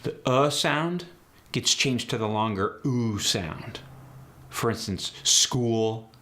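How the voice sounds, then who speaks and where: A man hosting a tutorial as an accent coach, explaining sounds in a brisk, direct way. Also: medium pitch, pushed and bright. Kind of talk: instructional tutorial.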